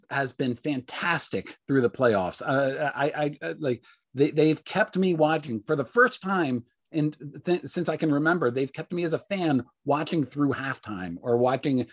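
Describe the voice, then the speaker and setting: Husky man with a Mid-Atlantic accent. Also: fairly high pitch, unhurried. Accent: Mid-Atlantic American. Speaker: podcast co-host and sports media reporter. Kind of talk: casual podcast chat.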